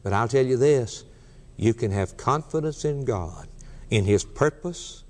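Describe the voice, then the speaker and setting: A man's voice: mid-range voice, lively intonation, measured pace, darkish tone. A man preaching a sermon with emphatic, repetitive cadence, building phrase upon phrase. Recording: long hall reverb.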